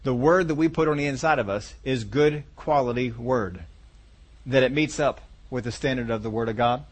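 A man's voice: mid-range voice, normal speed. A male pastor preaching a sermon in a conversational, folksy way, often asking his congregation questions.

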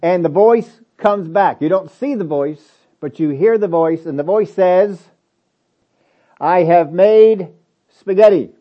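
Emphatic high-voiced male preacher. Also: unhurried, hardly any pauses, muffled recording. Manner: emphatic, repeats phrases, rhetorical questions. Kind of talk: sermon.

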